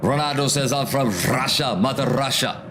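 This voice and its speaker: A man with a medium-pitched voice hosts a football watchalong livestream at a moderate pace against a noisy background. He reads viewer comments aloud and answers them, calls out match action, and keeps it relaxed and slangy with plenty of "bro." It's casual live commentary mixed with chat reading.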